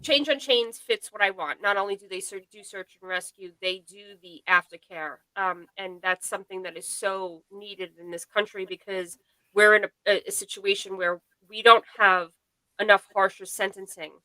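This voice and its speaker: A woman's voice: medium pitch, fairly even intonation, normal speed, pushed and bright, no echo, poor audio. A woman in a casual live podcast chat, talking bluntly and in a rambling way, with a sarcastic edge. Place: home.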